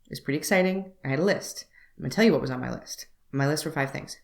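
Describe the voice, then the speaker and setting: A young woman beauty vlogger telling a story to camera, wry and animated, acting out both sides of a conversation. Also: sits low, rapid-fire, vocal fry.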